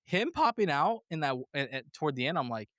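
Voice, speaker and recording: A man hosting a casual movie review podcast, animated and laughing often as he acts out quotes. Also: a little high, quick pace, no echo, clean studio sound. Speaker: podcast host.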